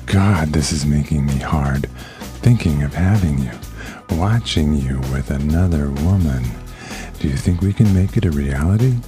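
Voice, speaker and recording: A man reading a suggestive letter as an adult male lover, in a slow, teasing delivery. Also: extremely low pitch, warm tone, soft background music.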